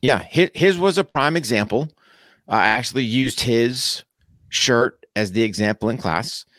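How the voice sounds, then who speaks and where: A man's voice: mid-range voice, measured pace, no room sound. A man who teaches shooting classes, talking casually and conversationally on a podcast. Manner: relaxed, conversational, uses "you know". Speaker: firearms instructor and podcast co-host. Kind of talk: casual chat.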